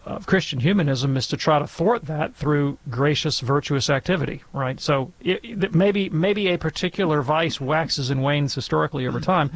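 A man's voice: on the high side, moderate pace, few pauses. A man in his fifties, the resident expert on a call-in radio show, answering questions thoughtfully with frequent restarts.

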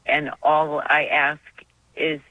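A woman's voice: sits low, completely flat delivery, slow, a little hiss or hum. A woman calling in to a radio show, talking in an earnest, heartfelt and rambling way. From Arizona. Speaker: caller. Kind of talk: call-in radio chat. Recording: dull phone-line call.

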